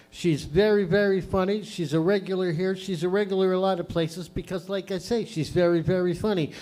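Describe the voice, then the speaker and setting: A man hosting a live stand-up show on stage, loud and profane, rambling between jokes. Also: high-pitched, fairly even intonation, fairly quick, few pauses. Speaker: comedy show host. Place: live comedy venue stage.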